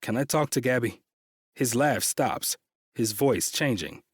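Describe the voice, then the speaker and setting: A man's voice: mid-range voice, lively intonation, measured pace, slightly rough, dry recording, studio quality. A man reading a first-person romance audiobook with a tense, frustrated delivery and frequent swearing. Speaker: audiobook narrator.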